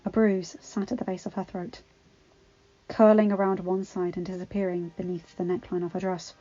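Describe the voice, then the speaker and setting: A woman narrating a fan-fiction story in a steady, expressive reading. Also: on the low side, moderate pace. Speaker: audiobook reader. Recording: dull lo-fi recording with faint music.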